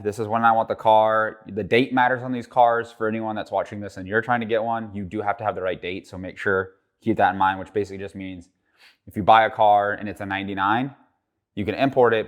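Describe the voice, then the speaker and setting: A man vlogging casually, joking around, swearing often and rambling. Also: on the low side. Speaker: car vlogger. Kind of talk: casual vlog talk.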